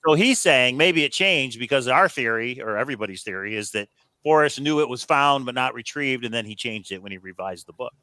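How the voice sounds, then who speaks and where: A man's voice: mid-range voice, expressive, brisk, pushed and bright, dry recording. A man from Detroit co-hosting a casual call-in livestream, joking, laughing often and reading out viewer comments. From Detroit, Michigan. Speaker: co-host.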